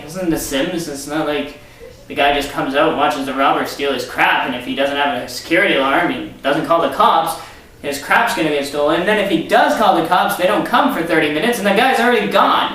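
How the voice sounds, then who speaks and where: A man's voice: on the high side, a bit bright, far from the mic. A man hosting his own vlog, talking in a sarcastic, rambling rant. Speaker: vlog host. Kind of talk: casual vlog monologue. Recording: echoey room, off-mic, faint hiss.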